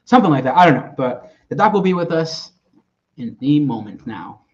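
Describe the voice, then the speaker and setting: A man's voice: a little high, very animated, a little fast, a little mellow, highs cut off. A man hosting a casual sports podcast, laid-back and profane, laughing easily. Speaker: podcast host.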